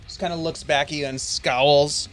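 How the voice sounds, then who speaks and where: A man in the game master's seat, narrating a tabletop game with big theatrical swells and a fairly high voice. Soft guitar music plays under his talk. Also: steady tone, moderate pace. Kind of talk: running a tabletop game over a stream.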